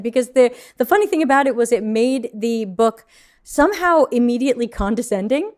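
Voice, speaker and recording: Fiery, blunt woman with a high voice. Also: brisk. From New York. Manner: blunt, fiery, swears freely. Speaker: UX consultant, co-host. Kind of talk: casual panel chat.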